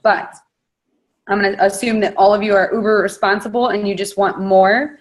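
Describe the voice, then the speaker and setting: A woman's voice: mid-range voice, fairly even intonation, moderate pace. A woman on a video call, giving a blunt, frank and fired-up motivational talk as a network marketing leader.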